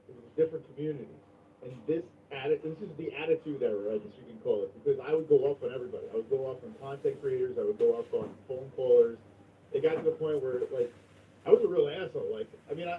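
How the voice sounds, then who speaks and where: A man's voice: medium pitch, distant mic, phone-quality sound, a little hiss or hum. A man hosting a live stream, talking casually and bluntly with plenty of swearing. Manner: blunt and heavily profane. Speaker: stream host.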